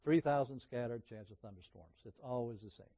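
A middle-aged man preaching a sermon, telling personal stories in a conversational way that swings from emphatic peaks to quiet asides. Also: mid-range voice, a little fast, lo-fi sound.

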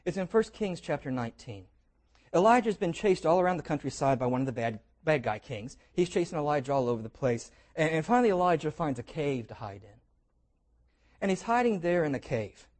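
A man preaching a sermon, retelling scripture as lively stories with jokes and invitations to imagine. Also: a little high, fairly quick. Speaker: pastor.

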